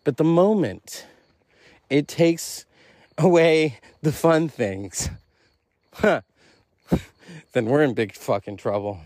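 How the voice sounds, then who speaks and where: A man's voice: fairly high pitch, takes it slowly, long pauses, a little mellow, dry recording, studio quality. A man hosting a solo podcast, rambling through a casual monologue with self-amused, profane asides. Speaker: podcast host.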